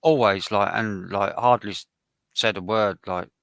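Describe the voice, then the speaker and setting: A man's voice: lowish voice, fairly even intonation, unhurried, fairly bright tone, no room sound. Blunt, swearing Englishman, dry sound. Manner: blunt, swears freely, stammering restarts. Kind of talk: casual chat.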